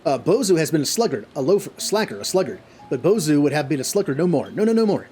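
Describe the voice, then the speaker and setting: A man's voice: fairly high pitch, very animated, warm tone, soft background music. A man reading as a whimpering kobold. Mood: fearful. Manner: halting reading with stumbles. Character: cowering, whining male kobold who repeats himself.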